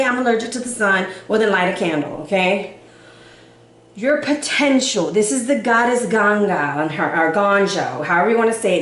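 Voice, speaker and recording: A woman giving a casual tarot reading, animated and sassy, with casual swearing. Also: on the high side, echoey room. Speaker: tarot reader.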